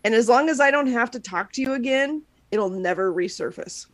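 A woman's voice: on the high side, expressive, fairly quick. A woman co-hosting a casual podcast, talking in a dry, wry way about her office work. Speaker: podcast co-host. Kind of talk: casual chat.

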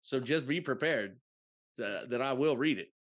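Joking guy cohosting a podcast, swears a lot, mid pitch voice. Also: lively intonation, moderate pace, fairly bright tone. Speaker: podcast co-host. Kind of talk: casual chat.

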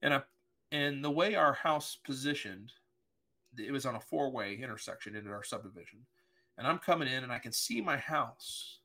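A man's voice: mid-range voice, expressive, moderate pace, pushed and bright. A middle-aged man, a pastor, telling a personal story in an earnest, emotional way during a podcast conversation. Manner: earnest, emotional, vivid retelling with voiced quotes.

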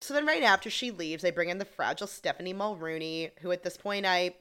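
Low-voiced woman recapping a show. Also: brisk, sharp tone, smooth. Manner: wry, laughing, acts out quotes. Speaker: podcast co-host. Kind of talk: casual recap chat.

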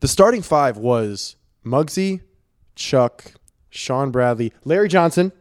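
A man's voice: medium pitch, expressive, slow pace, dry recording, studio quality. A young man co-hosting a sports podcast in casual chat, teasing and bantering with his co-host.

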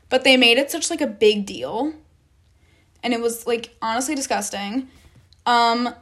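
A young woman telling a casual storytime vlog, rambling with lots of "like" and frequent swearing. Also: on the high side. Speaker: vlogger.

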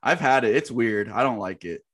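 A man co-hosting a podcast, laid-back and quick to laugh in casual chat. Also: mid-range voice, animated, fairly bright tone, husky. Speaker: podcast co-host.

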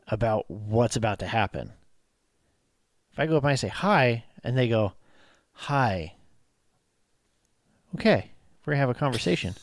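A man's voice: medium pitch, gravelly, dry recording, clean studio sound. A man in his thirties, a police officer co-hosting a podcast, chatting casually and acting out quotes. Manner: animated storyteller, acts out quotes.

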